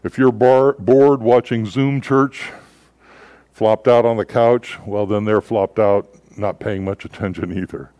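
A man giving a sermon as a pastor, telling stories in a relaxed, conversational way with frequent filler words. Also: lowish voice, measured pace, clear, resonant tone, no room sound, muffled recording.

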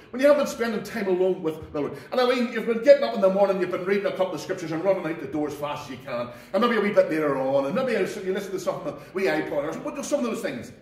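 A pastor from Northern Ireland delivers a sermon directly to his congregation in an earnest, folksy manner. His voice is high-pitched yet darkish in tone, echoing through the church and captured well away from the mic.

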